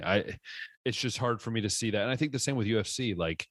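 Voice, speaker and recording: Low-voiced man with frank sports opinions. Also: fast, fairly bright tone, dry recording. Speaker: sports podcast co-host. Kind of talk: casual sports chat.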